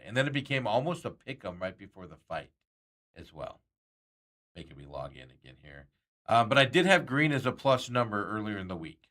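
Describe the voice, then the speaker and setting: A man's voice: medium pitch, a bit bright. A man hosting a sports radio show, chatting casually and rambling with frequent chuckles and self-corrections.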